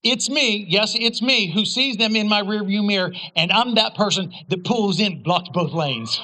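Lively, animated man preaching a sermon. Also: high-pitched, normal speed, noisy background. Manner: animated, humorous storytelling with sudden loud outbursts. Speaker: pastor.

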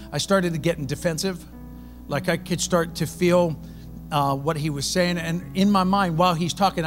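A man who is a pastor, preaching a sermon in a loud, conversational storytelling way. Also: a little high.

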